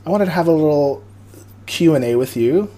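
Woman, podcast host, low voice, lively swings in pitch, playful, teasing. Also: fairly quick. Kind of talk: casual podcast interview.

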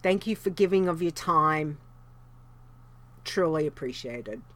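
A woman's voice: sits low, animated, a little slow. A woman hosting a live stream, rambling through heartfelt thank-yous in casual chat. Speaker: show host.

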